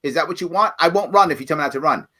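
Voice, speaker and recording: A man's voice: a little high, racing, sharp tone. A man talking bluntly and emphatically as a candidate in an online question session over a video call. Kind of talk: lively campaign talk.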